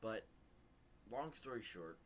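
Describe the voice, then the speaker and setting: A young man vlogging, retelling a work story in a rambling, animated way with lots of fillers. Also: on the low side, takes it slowly, slight background noise. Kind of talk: casual storytelling to camera.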